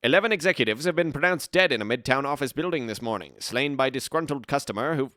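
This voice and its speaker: A man voicing a cheesy male 1970s newscaster with an exaggerated, booming news-anchor delivery. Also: animated, fast, bright, forceful tone, no echo, studio quality. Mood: cheesy, emphatic.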